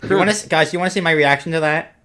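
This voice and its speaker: A man's voice: on the high side, racing, a bit bright. A man joking around in casual banter with friends over a voice call.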